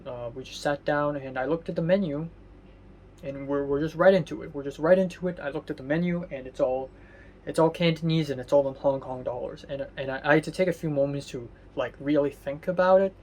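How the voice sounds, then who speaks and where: A man's voice: fairly high pitch, a little mellow. Rambling man in a vlog diary. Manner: rambling, halting with many fillers and restarts; candid and mildly sardonic. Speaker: vlogger. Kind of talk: casual spoken diary. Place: at home.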